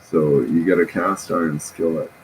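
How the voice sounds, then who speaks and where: A man talking in a rambling, halting casual monologue, often laughing at his own jokes. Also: very deep voice, fairly even intonation, a little hiss or hum, rough recording.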